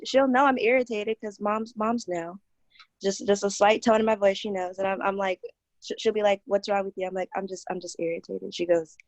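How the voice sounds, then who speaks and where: A woman's voice: on the high side, no room sound. A young woman in her early twenties, telling a story animatedly and giggly in a casual chat. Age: 20s.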